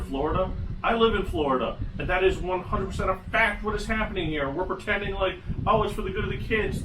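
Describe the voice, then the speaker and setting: A man with a bright, forceful voice rides along on a sarcastic, casual solo commentary, full of wry asides. His pitch sits a little high for a man. He sounds set back from the microphone in an echoey room. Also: slight background noise. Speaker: podcast host. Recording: echoey room, mic at a distance.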